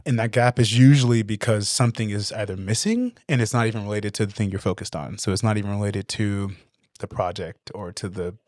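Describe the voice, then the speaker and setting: A man's voice: lowish voice, dry recording. A man talks casually as a guest on a podcast, telling anecdotes about his company's team. He slips into quoted voices and laughs easily. The recording is dry, with almost no room sound. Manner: animated storyteller, acts out quotes, laughs often. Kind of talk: casual interview chat.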